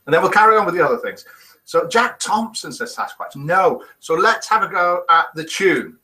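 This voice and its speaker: Hosting his daily live morning show, a middle-aged UK man reads out viewers' guesses in casual live-stream chat, full of playful quiz-master banter and chuckles. The recording is rough, and his high, sharp voice moves at normal speed with lively intonation.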